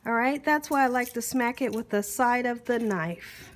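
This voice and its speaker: A woman's voice: a little high, normal speed. A woman hosting a home cooking demonstration in her kitchen, chatty and encouraging, often checking in with her viewers. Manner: chatty, encouraging, asks "you hear me?" often. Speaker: cooking show host.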